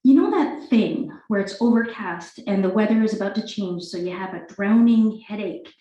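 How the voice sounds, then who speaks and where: A woman reading the part of a weary, tearful mother, halting and apologetic, in an echoey room at a live reading. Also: mid-range voice, animated, mellow, recorded from a distance, muffled recording, lightly acted. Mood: weary rambling. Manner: halting, apologetic, breathy sighs. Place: live reading event indoors.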